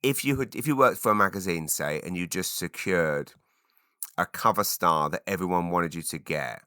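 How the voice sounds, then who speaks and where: Animated man with a low, sharp voice. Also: normal speed, no echo, studio quality. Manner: rambling and animated, with sudden loud exclaimed bursts. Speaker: podcast host. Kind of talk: solo chat answering listener questions.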